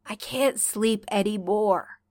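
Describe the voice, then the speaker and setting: A woman's voice: mid-range voice, slow, darkish tone, no echo. Woman reading as a tearful prickly young troll. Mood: subdued. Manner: shaky, choked, snappish.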